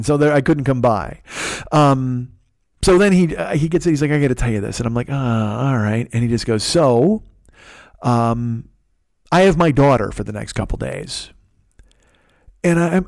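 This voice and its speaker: Fast-talking profane man telling a story. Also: mid-range voice, a little mellow, no room sound. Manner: profane, rambling, self-mocking. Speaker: podcast host. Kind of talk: casual storytelling monologue. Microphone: close podcast microphone.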